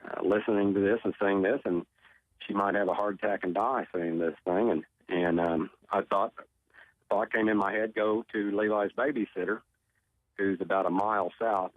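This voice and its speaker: His voice is lowish and fairly even in intonation, moving at a normal speed. An Oklahoma man and tornado survivor, he earnestly tells a personal story as a talk show guest, repeating his words a lot. It's a dry recording with a tinny phone-line quality.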